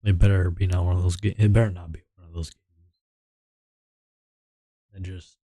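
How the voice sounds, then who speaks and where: A man's voice: sits low, flat delivery, normal speed, dark tone, husky, dry recording. A male streamer chatting casually and meandering, often mumbling and trailing off. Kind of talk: casual livestream chat.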